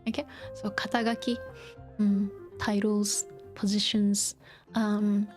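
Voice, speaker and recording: A woman's voice: mid-range voice, flat delivery, slow pace, a little mellow, faint music behind. A woman teaching a language while streaming a video game, thinking aloud and explaining step by step with lots of fillers. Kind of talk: live-streamed gaming lesson.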